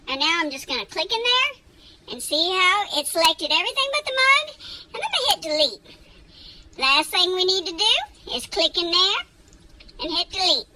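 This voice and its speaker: A woman's voice: very high-pitched, bright, forceful tone, slight background noise. A Texan woman hosting a casual screen-share tutorial, folksy and chatty, laughing easily as she walks through each step. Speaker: host giving a software tutorial.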